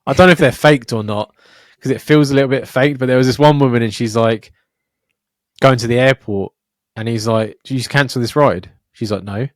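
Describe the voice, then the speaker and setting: A young man co-hosting a podcast, telling stories in a sweary, animated way. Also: mid-range voice, fairly quick, no room sound, studio quality. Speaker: podcast co-host. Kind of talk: casual podcast chat.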